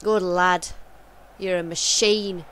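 Loud, bright-voiced woman gaming. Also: lowish voice, steady tone, takes it slowly. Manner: loud, shouting at players, laughing a lot. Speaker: gameplay streamer. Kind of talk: excited gameplay chat. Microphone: mic very close to the face. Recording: close-miked with faint background noise.

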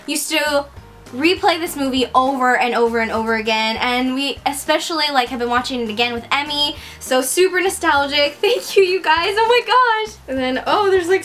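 High, bright, gushing young woman. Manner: gushing, excitable, many exclamations. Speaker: vlogger. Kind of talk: unboxing vlog chat.

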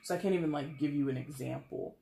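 Speaking quickly with vocal fry, this tarot reader has a medium-pitched, dark voice and offers a frank, casual reading to camera, with frequent sighs and the odd curse. Slight background noise and faint ambience fill an echoey room.

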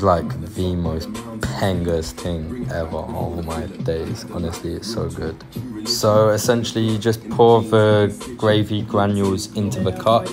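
Young man joking through a recipe. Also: low-pitched. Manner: joking, sardonic asides with easy laughter. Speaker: cooking vlogger. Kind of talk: casual voice-over cooking narration. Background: background music.

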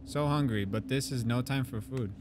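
A young man giving let's play commentary on a horror game, swearing and shouting at jump scares, his voice going hoarse from screaming. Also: medium pitch, normal speed, background noise. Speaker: gaming YouTuber. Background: game music.

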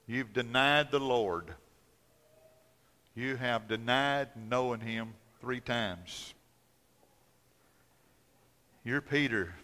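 A male pastor preaching a sermon, telling the story dramatically, swinging between loud emphasis and hushed tones. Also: medium pitch, drawn-out words, long pauses. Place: church sanctuary. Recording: long church hall reverb.

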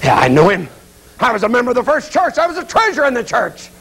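A man voicing a guilt-ridden traitor tormented in hell, swinging from hushed confession to anguished shouting. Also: very high voice, huge pitch swings, fast talker, a little hiss or hum, voice pushed up, heavily acted. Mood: frantic torment.

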